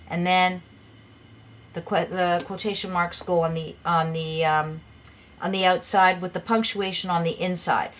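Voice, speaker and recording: A woman's voice: medium pitch, fairly bright tone. A woman teaching an English grammar lesson, patiently explaining rules and reading example sentences aloud with emphasis.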